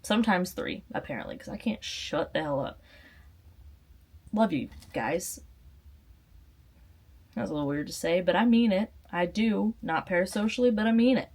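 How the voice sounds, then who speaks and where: A woman's voice: mid-range voice, lively intonation, moderate pace, long pauses, darkish tone. A woman, rambling playfully through her vlog outro. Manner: playful, rambling, self-deprecating. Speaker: vlogger.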